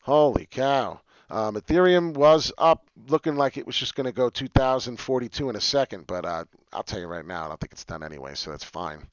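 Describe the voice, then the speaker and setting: A man hosting a casual crypto livestream, talking in an excitable, rambling way with frequent swearing. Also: mid-range voice, brisk, hardly any pauses, clean tone, no echo, highs cut off. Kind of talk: casual live chart talk.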